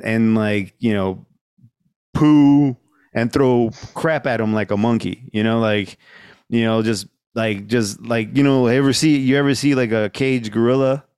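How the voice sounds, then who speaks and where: A man's voice: medium pitch, darkish tone, clear, resonant tone, no room sound, studio quality. A man co-hosting a podcast, chatting casually about a film, joking around and laughing often. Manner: loose and joking, laughs often, peppers speech with "man" and "dude". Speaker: podcast co-host.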